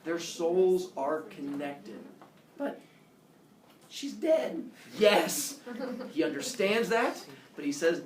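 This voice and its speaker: A man teaches a class in a playful, theatrical manner, his voice sitting on the higher side, expressive and slow. It's picked up by a camera across an echoey classroom, so he sounds far off.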